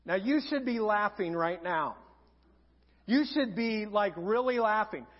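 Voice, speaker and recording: High-voiced pastor telling funny stories. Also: male voice, unhurried. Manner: humorous storytelling, animated and lively. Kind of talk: sermon. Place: church auditorium. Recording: dull sound in a reverberant auditorium.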